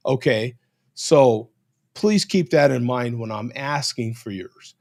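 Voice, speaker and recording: An American man asking questions in a casual conversation, careful and measured in how he phrases them. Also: mid-range voice, darkish tone. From United States.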